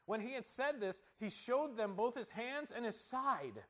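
A middle-aged male pastor preaching a conversational sermon, asking rhetorical questions and swinging between loud emphasis and quiet asides. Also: very high-pitched, animated, unhurried.

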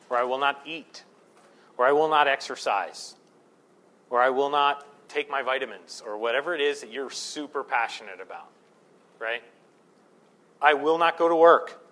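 A man's voice: mid-range voice, pushed and bright. A man preaching a sermon as pastor, conversational and self-deprecating, building to fervent emphasis.

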